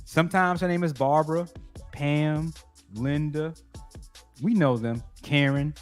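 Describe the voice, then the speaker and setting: A man's voice: a little high, fairly even intonation, unhurried, faint music behind. A man co-hosting a casual podcast chat, giving mock-earnest advice in a joking, profane way. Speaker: co-host.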